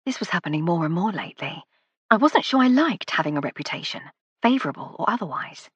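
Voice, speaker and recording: A woman narrating a first-person novel with a wry, measured delivery. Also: on the low side, very animated, husky, dry recording. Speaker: audiobook narrator.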